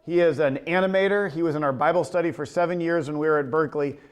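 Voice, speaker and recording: Man, Bible study teacher, fairly high voice, chatty storytelling, many restarts. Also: fast talker, clear, resonant tone, highs cut off. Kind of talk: casual teaching talk.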